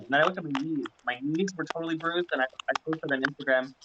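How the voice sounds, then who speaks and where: A man, a drag performer, telling funny stories in casual chat on a livestream, rambling and animated. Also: on the high side, quick pace, few pauses. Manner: rambling, animated, acts out quoted voices loudly. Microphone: video call. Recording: dull lo-fi sound with clear background noise.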